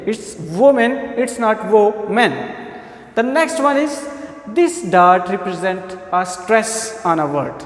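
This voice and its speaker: A man with a Punjabi accent teaching English pronunciation, explaining slowly with repeated examples and fillers. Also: high voice, sing-song, a bit bright. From Pakistan. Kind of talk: spoken pronunciation lesson. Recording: echoey room with long reverb.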